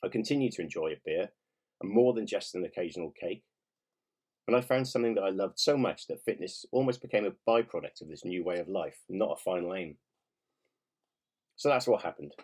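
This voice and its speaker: A man's voice: deep voice, a little fast, darkish tone, slightly rough. A man in his fifties, an author reading his own nonfiction aloud in a wry, self-mocking way with casual swearing. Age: 50s.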